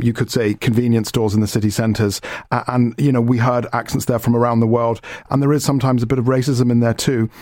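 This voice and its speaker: A man's voice: mid-range voice, darkish tone, no room sound. An Irish man reporting for radio, asking passers-by questions in a chatty, playful way.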